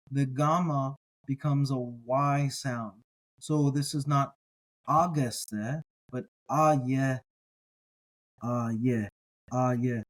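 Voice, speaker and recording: Slow-talking man reading Greek aloud. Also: on the high side, poor audio. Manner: reads ancient text aloud, lingers on sounds. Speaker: co-host biblical scholar. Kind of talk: reading and explaining Greek pronunciation.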